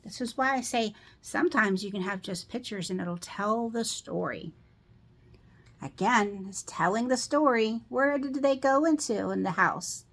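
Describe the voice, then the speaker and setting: A middle-aged woman reading a picture book aloud to children, pausing to ask them questions about the pictures. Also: a little high, fairly bright tone. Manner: slow, asks children questions.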